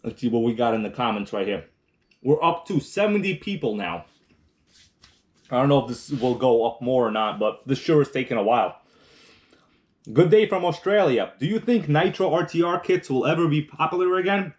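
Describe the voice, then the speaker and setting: A man's voice: medium pitch, animated, normal speed. A man hosting a casual live stream, chatting while eating and reading viewer comments aloud, rambling with restarts. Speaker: livestream host.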